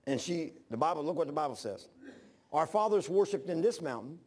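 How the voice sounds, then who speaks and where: Male preacher, slightly high voice, storytelling sermon with shouted peaks. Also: fairly quick. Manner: animated storytelling, bursts of shouting.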